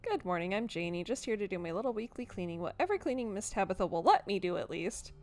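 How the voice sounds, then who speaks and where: A woman's voice: medium pitch, animated, quick pace, a little mellow, lightly acted. A woman voicing a chirpy, overeager young housecleaner who talks in a gushing, bubbly way in a video game.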